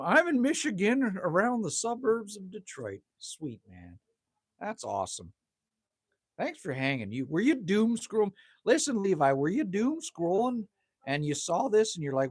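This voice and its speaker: Chill dude chatting to his stream outside at the cabin, husky voice, bouncy up-and-down delivery. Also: high voice, wildly swooping pitch, measured pace, dry recording, studio quality. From Manitoba, Canada. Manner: laid-back and chatty, teases himself, swears lightly, says "man" often. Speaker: livestream host. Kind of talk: casual livestream chat reading viewer comments. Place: outdoors at a cabin in the evening.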